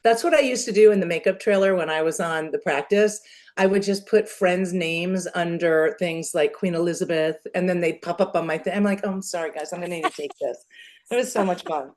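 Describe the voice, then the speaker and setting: A woman guest on a podcast, telling stories in an animated, laughing way. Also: lowish voice, brisk. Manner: animated storyteller, laughs often. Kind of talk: casual interview chat.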